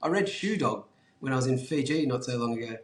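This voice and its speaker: A man's voice: medium pitch, lively intonation, quick pace. Laid-back Australian man, roomy sound. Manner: laid-back, swearing, lots of fillers. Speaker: guest entrepreneur. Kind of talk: casual interview chat. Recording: roomy echo.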